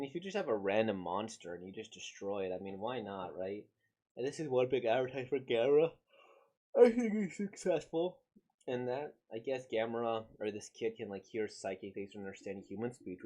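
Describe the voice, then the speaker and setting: A man's voice: fairly low pitch, a little mellow. A man casually reacting to a comic he is reading aloud, rambling with many fillers.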